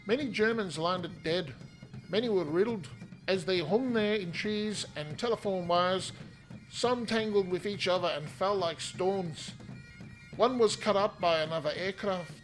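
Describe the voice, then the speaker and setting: A man's voice: sits high, a little slow, faint music behind, voice pushed up, rough recording. A man reading a war history in a put-on Scottish accent, in a raised, dramatic voice.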